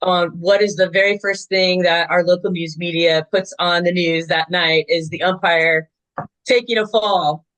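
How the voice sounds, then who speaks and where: A woman in her sixties with a slightly low voice tells long, animated stories from her years umpiring. She talks casually, full of fillers and restarts. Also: moderate pace, poor audio. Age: 60s. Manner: chatty, animated storytelling with many fillers. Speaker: softball umpire guest. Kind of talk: casual interview storytelling.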